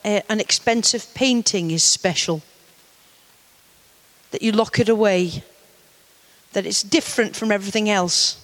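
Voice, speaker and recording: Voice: mid-range voice, fairly bright tone, big-room sound, poor audio. A preacher with a Geordie accent giving a sermon in a conversational way, with wry asides.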